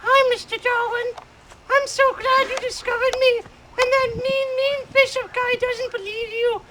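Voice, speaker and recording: A tiny adoring finch chirps out its devotion in a squeaky, very high voice. It sounds like a far-off home video with clear hiss behind. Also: flat delivery, a little slow. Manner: squeaky, high, sing-song. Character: small adoring male finch, sweet and gushing. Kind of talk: amateur comedy skit.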